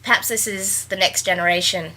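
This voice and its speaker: A woman's voice: mid-range voice, fairly even intonation, a little fast, bright, forceful tone, slightly rough. A woman guest-hosting a podcast, reading aloud and joking sarcastically, laughing often. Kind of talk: casual comedic book chat.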